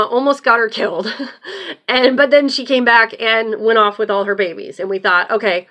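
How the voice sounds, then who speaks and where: A woman hosting her own show, telling a personal story in a loose, animated way and swearing freely. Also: a little high. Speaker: host. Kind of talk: casual storytelling.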